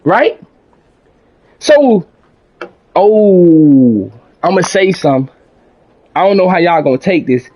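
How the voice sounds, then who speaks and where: High-voiced man preaching to his chat. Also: big pitch swings, slow pace, long pauses, mellow. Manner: preachy, motivational, repeats himself, reads out chat. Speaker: streamer talking to his live chat. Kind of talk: casual livestream chat.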